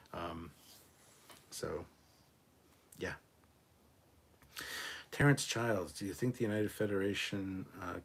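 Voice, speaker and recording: A man hosting a casual livestream, reading viewer comments aloud and answering them in a relaxed, off-the-cuff way, swearing freely. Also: low-pitched, breathy edge. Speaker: livestream host reading chat. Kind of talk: casual live chat.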